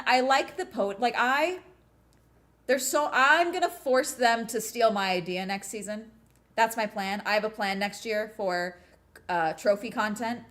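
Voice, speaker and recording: A woman hosting a live watch-along, chatting casually and breaking into excited cheers and laughter. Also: on the high side. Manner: swears casually.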